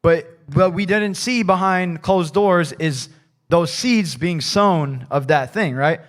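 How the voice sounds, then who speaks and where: Casual higher-pitched male preacher. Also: takes it slowly. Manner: casual, rambling, peppered with "like" and "right?". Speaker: pastor. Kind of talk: conversational sermon. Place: church.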